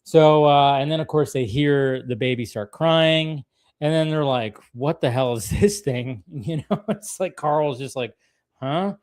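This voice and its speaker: A man's voice: fairly high pitch, measured pace, a little mellow. A man co-hosting a casual chat, recapping a cartoon episode, laughing often and acting out the characters' lines. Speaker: podcast co-host.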